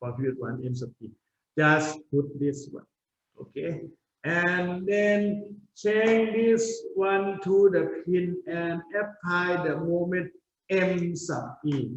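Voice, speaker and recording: A man's voice: sits high, slow pace, a little hiss or hum. A male university lecturer giving a lecture, explaining step by step and often checking in with "okay?". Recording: roomy, dull lecture recording.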